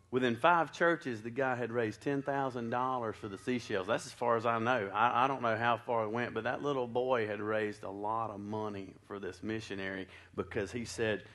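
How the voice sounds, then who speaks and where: Guy preaching a sermon like he's telling a story, folksy, cracks little jokes at the congregation, regular middle pitch. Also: steady tone, normal speed, few pauses, fairly bright tone. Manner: folksy, joking asides to the congregation.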